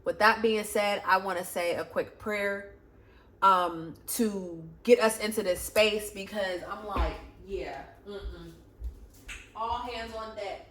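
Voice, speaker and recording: A woman's voice: slow pace, a bit bright, slight background noise. A woman talks through a tarot reading in a loose, casual way. She tells her story in a frantic rush and swears freely as she goes. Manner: low murmured prayer. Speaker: tarot reader.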